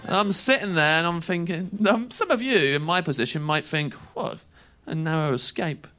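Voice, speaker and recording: Brief: comic in his thirties, bright, slightly high, lively storytelling. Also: brisk, a little hiss or hum. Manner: animated, acts out voices, laughs through lines. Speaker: stand-up comedian. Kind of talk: stand-up storytelling.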